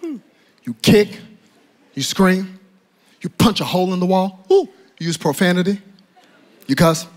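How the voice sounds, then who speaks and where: A man preaching as a pastor, playful and animated, joking with the congregation and swinging from loud bursts to hushed tones. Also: high voice, measured pace, pauses often. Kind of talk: lively sermon. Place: church auditorium.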